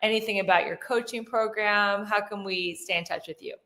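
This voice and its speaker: A woman's voice: medium pitch, fairly even intonation, fairly quick, pushed and bright. A woman hosting a podcast interview, upbeat and encouraging. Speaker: podcast host.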